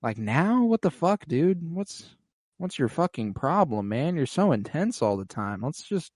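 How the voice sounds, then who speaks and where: A podcast host putting on a whiny young guy, his pitch pushed up high and his volume dropped low, sounding fed up and incredulous. The recording is dry and close. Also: very animated, measured pace, a little mellow, dry recording. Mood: exasperated.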